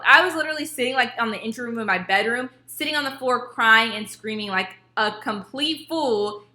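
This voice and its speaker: A young woman vlogger telling a personal story in casual, animated storytime style, acting out what others said. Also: fairly high pitch. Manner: animated, acts out quotes of others. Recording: echoey room.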